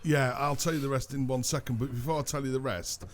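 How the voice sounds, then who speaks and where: A man's voice: mid-range voice, steady tone, fast talker. A man hosting a podcast, bantering casually with a co-host, swearing and teasing.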